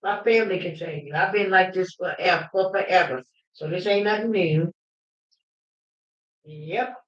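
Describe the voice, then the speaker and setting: Woman host, fervent and emphatic storyteller who breaks into shouting; muffled lo-fi sound. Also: lowish voice, normal speed. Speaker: livestream host. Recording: roomy, dull lo-fi livestream audio.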